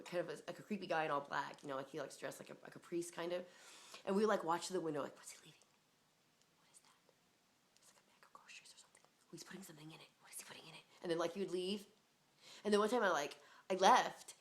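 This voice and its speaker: A woman telling a personal story in a rambling, casual way, full of fillers, swearing and laughter. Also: lowish voice.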